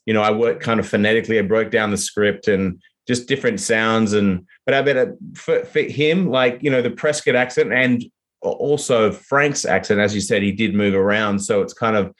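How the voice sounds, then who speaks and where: A man's voice: on the low side, moderate pace. A man with an Australian accent, an actor talking casually in an interview, with plenty of fillers and restarts. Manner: rambling, lots of fillers and restarts. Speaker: actor guest.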